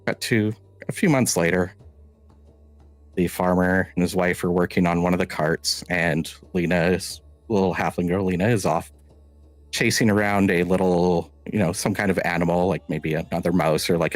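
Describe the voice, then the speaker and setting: A man with a very low voice narrates a tabletop game as game master. He tells the scene in a measured, halting way, often restarting his sentences. The sound is dry and close. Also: fairly even intonation, no room sound, soft background music.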